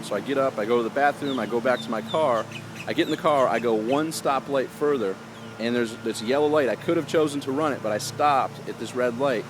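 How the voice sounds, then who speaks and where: A man's voice: medium pitch, noisy background. A middle-aged man casually telling a personal story to camera in an earnest, chatty way, with fillers and restarts, recorded outdoors with lawn workers nearby.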